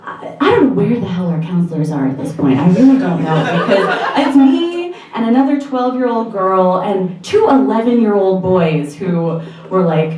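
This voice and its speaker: A woman's voice: medium pitch, animated, moderate pace, a little mellow, slight background noise. A young woman telling a candid, self-deprecating personal story on stage at a live storytelling night, laughing often. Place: bar, live storytelling event. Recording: roomy bar echo, distant mic.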